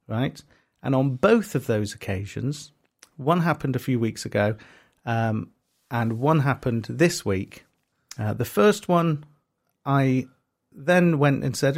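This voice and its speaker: A man with a gravelly edge to his voice, co-hosting a casual podcast. He tells stories at length, looping back with ums and restarts, at a middle pitch. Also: moderate pace, a little mellow. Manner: rambling storytelling with fillers and restarts. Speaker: podcast co-host and comedy promoter. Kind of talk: casual chat.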